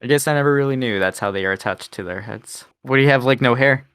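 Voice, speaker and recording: Male podcast host with a bright, forceful voice, casual and steering the chat. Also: mid-range voice, fast, clear, resonant tone. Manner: relaxed, leads the discussion.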